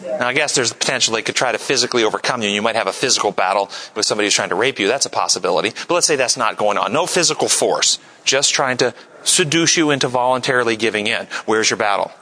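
A man teaching a church group, asking lively questions and sometimes mimicking others in a high voice. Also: fast, poor audio. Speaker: church teacher leading a class discussion. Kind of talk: interactive sermon with audience questions.

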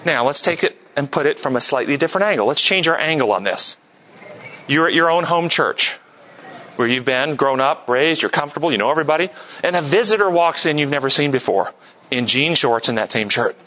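A man teaching a church group, asking lively questions and sometimes mimicking others in a high voice. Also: fairly quick, low-quality recording. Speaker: church teacher leading a class discussion. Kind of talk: interactive sermon with audience questions.

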